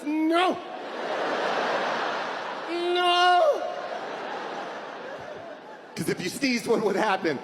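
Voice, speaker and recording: A man's voice: extremely high pitch, sing-song, extremely slow, pauses often, roomy sound, a crowd in the background, background noise. A man doing a stand-up comedy set, ranting with exasperated profanity.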